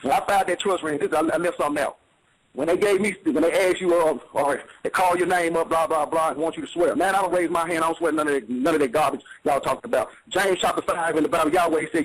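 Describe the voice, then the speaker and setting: Fast-talking high-voiced man, streetwise and emphatic. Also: a bit bright, a little hiss or hum, rough recording. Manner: streetwise, emphatic, repeats "you see what I'm saying". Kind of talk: casual instructional talk.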